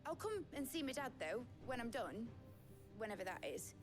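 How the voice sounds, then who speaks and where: A woman's voice: a little high, sing-song, moderate pace. A chatty Yorkshire engineer girl. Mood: eager. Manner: chatty, enthusiastic, explains things. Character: young woman ship engineer, eager inventor. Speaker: game character. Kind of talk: video game voice acting. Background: game music.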